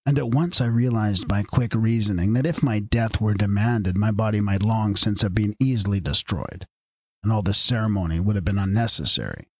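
A man narrating an old novel as an audiobook, in a measured storytelling manner. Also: fairly low pitch, no echo.

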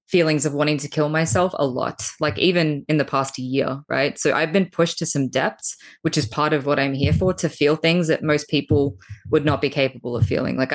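Frank, low-pitched woman guest, blunt and emphatic, swears casually. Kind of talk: candid spiritual conversation.

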